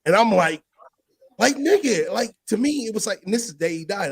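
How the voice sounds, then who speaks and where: Animated man telling a dream story. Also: high-pitched, fairly quick, slightly rough, no room sound. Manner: animated, acts out voices in his story, drops to a near whisper for emotional parts. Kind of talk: casual storytelling.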